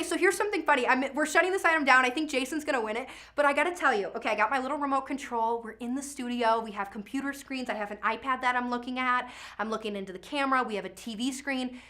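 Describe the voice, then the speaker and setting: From a studio, a woman hosts a live virtual charity auction in a high, bright, sharp voice. Fast and chatty, she energetically calls out bidders by name, cheering them on and pushing for the next bid.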